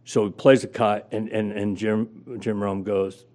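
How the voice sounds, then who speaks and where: A man's voice: lowish voice, level tone, unhurried, a little mellow. A middle-aged man telling a career story as an interview guest, acting out quotes with big jumps in his voice. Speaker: guest, former sports radio host.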